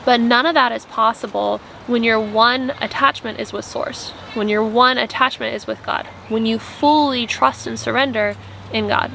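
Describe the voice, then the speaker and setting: Earnest rambling woman, higher voice. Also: fairly even intonation, moderate pace, gravelly, fairly bright tone, slight background noise. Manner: earnest, rambling, many "like" fillers. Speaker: vlogger and app founder. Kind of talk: casual spiritual vlog chat. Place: tent at a campsite.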